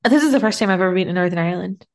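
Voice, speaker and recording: A woman's voice: medium pitch, expressive, racing. A woman co-hosting a podcast in casual chat, chatty and giggly, tired after a long day of travel. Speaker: podcast co-host.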